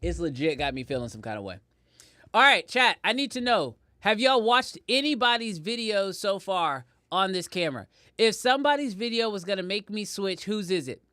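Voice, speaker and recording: A man hosting a casual livestream from his home editing room, talking straight to his chat, animated and repeating himself. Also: high voice, moderate pace, dry recording, studio quality. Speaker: livestream host.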